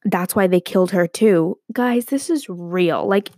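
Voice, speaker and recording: A young woman casually telling a rambling story to her viewers, animated and quick to laugh. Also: fairly low pitch, no room sound, studio quality. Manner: animated, rambling, breaks into quoted voices and laughs.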